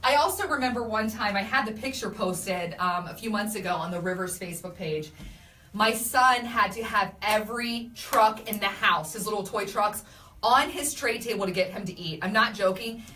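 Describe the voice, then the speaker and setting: A young adult woman hosting a casual live video, reading viewer comments and telling animated stories about her kids. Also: medium pitch, moderate pace, echoey room, distant mic. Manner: chatty, animated storytelling with laughs. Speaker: radio host doing a live video.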